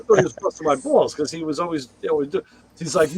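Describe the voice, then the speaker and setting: Husky-voiced man telling shop stories. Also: on the high side, quick pace, rough recording. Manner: animated, acts out quoted voices. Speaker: show co-host. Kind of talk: casual storytelling chat.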